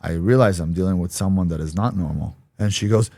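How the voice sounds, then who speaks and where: A man's voice: low voice, quick pace, dark tone, no echo. A man giving an interview, telling a personal story bluntly and acting out the voices of people he quotes. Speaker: interview guest.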